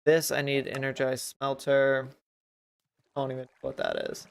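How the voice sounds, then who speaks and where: A man's voice: mid-range voice, monotone, moderate pace, creaky, slight background noise. A man livestreaming a video game, thinking aloud in a rambling, self-mocking way as he sets up his desk mic. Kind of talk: casual gameplay commentary. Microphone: desk mic with noise gate.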